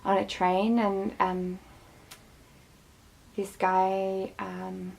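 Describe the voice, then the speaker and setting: Gravelly woman, flat monotone, lots of um and like. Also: mid-range voice, drawn-out words, poor audio. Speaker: interviewee. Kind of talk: personal testimony.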